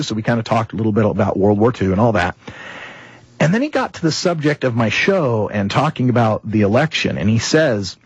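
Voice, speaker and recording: Radio host guy rambling through a story to his listeners, bit husky, dry close sound. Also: on the low side, no room sound, dull audio. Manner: rambling, self-correcting, chatty. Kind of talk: talk radio storytelling monologue. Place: radio studio.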